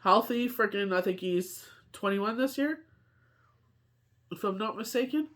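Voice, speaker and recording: A woman's voice: medium pitch, animated, a little slow, a bit bright. A woman with a cold, reading tarot cards in a rambling, chatty way and often asking whether the listener follows. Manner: rambling, chatty, constant "you know what I mean". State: has a cold, short on sleep. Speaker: tarot reader. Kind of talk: casual daily tarot reading.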